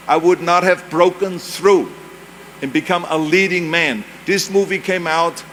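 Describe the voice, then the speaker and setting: A man's voice: fairly high pitch, a bit bright, slight background noise. A man in his seventies, a native German speaker with a German accent, gives an emphatic, anecdotal motivational speech with self-mocking humor at a university event. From Europe. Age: 70s.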